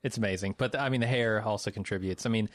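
A man's voice: fairly low pitch, racing, no room sound, studio quality. A man co-hosting a podcast, picking a film apart in sardonic, profane casual chat. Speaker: podcast co-host.

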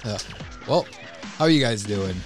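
A man's voice: on the low side, lively intonation, normal speed, over music. A man hosting a casual podcast chat, laughing often and rambling a bit. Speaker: podcast host. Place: small home studio.

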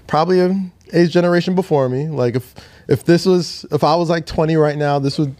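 A man hosting a casual music podcast, talking in an animated, joking way with a lot of laughter. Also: on the high side, a little fast. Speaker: podcast host. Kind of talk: casual chat.

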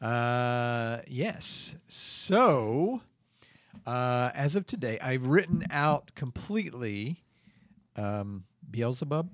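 A man's voice: medium pitch, animated, very slow, no echo. A man hosting a comedy podcast, talking in a dry, theatrical, self-mocking way. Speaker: podcast host. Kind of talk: comedic improvised banter.

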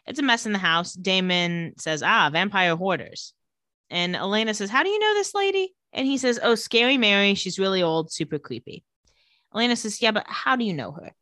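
This mid-range female voice belongs to a podcast co-host who recaps a TV episode in casual chat, telling it with liveliness and performing the characters' lines in quick voices. There is no echo, and the audio is studio quality.

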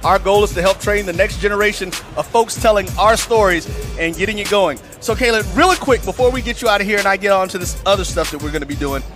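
A high-voiced man presents live from outdoors on a campus, upbeat and full of hype. Faint music plays behind him. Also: fast. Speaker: sports network host.

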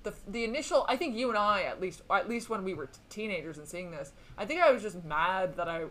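A woman's voice: medium pitch, expressive, fast, a bit bright. A young adult woman on a podcast panel, talking through a film in a rambling, opinionated way. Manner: rambling, opinionated, self-correcting. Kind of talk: casual film discussion.

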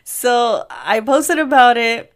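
A woman's voice: fairly high pitch, expressive, slow pace. Chatty young woman podcast host. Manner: chatty storytelling, often laughing. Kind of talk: casual solo podcast chat. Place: her room.

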